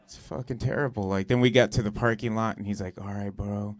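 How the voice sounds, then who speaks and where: A man's voice: lowish voice, fairly even intonation, fast talker, dry recording. A young man doing a stand-up set, telling stories in a loose, profane, conversational way full of "like" and "dude". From Southern California. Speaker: stand-up comedian. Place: comedy club stage.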